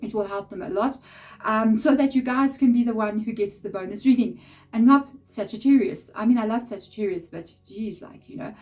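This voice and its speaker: Chatty woman reading tarot, mellow voice. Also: a little high, fairly quick. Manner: chatty, direct, laughs often. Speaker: tarot reader. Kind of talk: casual tarot reading to camera. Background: soft background music.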